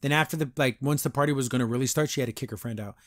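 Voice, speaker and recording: A man's voice: mid-range voice, very fast, dry recording. A man hosting a podcast, giving a casual, opinionated and easily amused review of a cartoon episode into a close microphone. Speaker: podcast host.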